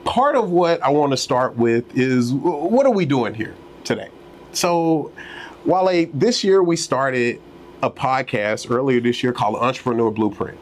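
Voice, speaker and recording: A man's voice: mid-range voice, expressive, a little slow. A man hosting a podcast, enthusiastic and friendly as he interviews a guest. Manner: enthusiastic, hype introductions. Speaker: podcast host. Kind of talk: casual interview.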